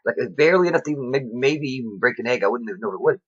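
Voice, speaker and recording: A man giving a rambling, excitable monologue about his faith, talking straight to his viewers. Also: medium pitch, rapid-fire, husky. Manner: rambling, excitable, many fillers. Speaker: vlogger. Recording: dull lo-fi recording.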